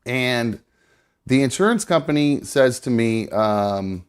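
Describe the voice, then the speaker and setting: A man's voice: mid-range voice, expressive, slow pace, clear, resonant tone. A man hosting a live show from a studio, telling a rambling personal story in casual chat. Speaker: podcast host.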